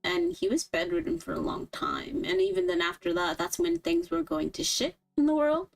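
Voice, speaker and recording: A young woman casually narrating an improvised role-play, dropping playful asides as she goes. Her pitch swings widely, with faint music playing underneath. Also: sing-song. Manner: playful, laughing asides, quick character notes.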